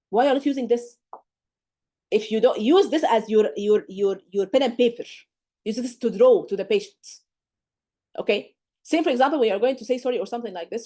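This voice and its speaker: A woman's voice: high voice, animated, brisk, dark tone. A woman tutor giving a live lecture to exam candidates, emphatic and direct, often checking in with the class. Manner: coaching, direct.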